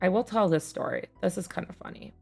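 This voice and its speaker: Gravelly-voiced woman streamer telling a story. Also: fairly low pitch, fast talker, soft background music. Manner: rambling, loose, with lots of fillers and casual swearing; gets louder and more animated as the story builds. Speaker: streamer recounting a tabletop game. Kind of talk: casual storytelling on a livestream.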